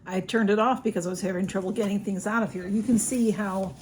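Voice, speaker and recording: A woman's voice: medium pitch, fairly even intonation, fast, a little mellow, a little hiss or hum. A woman, chatting casually through an unboxing with lots of ums and restarts. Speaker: vlogger. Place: home room with a ring light.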